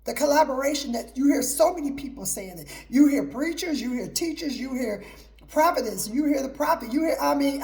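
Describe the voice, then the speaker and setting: Middle-aged woman preaching hard on her own show, kinda high voice, keeps repeating herself for emphasis. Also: gravelly, a little mellow. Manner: emphatic, repetitive, fervent preaching. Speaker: host. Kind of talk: preaching talk and personal testimony.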